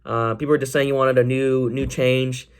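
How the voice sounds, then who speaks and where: Rambling, excitable young man. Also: medium pitch, normal speed, clear, resonant tone. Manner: rambling and excitable, many fillers and restarts. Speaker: podcast host. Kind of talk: casual solo sports chat.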